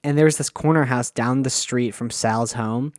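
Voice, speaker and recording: Young guy, mid-pitch, chill slangy storyteller, dry close recording. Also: normal speed, no room sound. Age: young adult. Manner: laid-back slangy, many fillers and "dude". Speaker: podcaster telling stories. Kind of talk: casual storytelling monologue.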